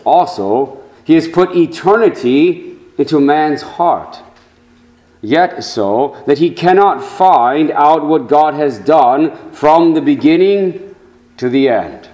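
A man preaching a sermon to his congregation, slow and measured, with deliberate pauses. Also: on the high side, animated, mellow, rough recording. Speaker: pastor.

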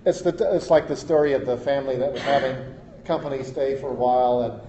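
A man's voice: mid-range voice, fast, warm tone. A man preaching a sermon as a pastor, in a conversational way, repeating words and adding wry humor. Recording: echoey, dull, faint hiss.

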